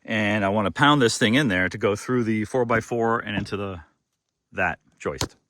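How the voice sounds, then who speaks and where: A man's voice: on the low side, normal speed, fairly bright tone, a little hiss or hum. A man narrating to himself while building outdoors on a slope, wry and joking, a little short of breath. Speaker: DIY builder vlogger. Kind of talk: casual self-narration while working.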